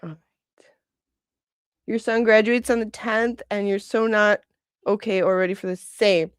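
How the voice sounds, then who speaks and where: A woman in her forties hosts a casual livestream, rambling, chuckling often, and reading viewer comments aloud. Her medium-pitched voice is steady, a little slow, clear and resonant, captured in studio quality with no echo.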